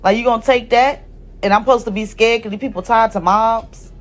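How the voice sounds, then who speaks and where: A woman's voice: a little high, fairly even intonation, fairly quick, soft background music. Woman rambling emotionally on a phone.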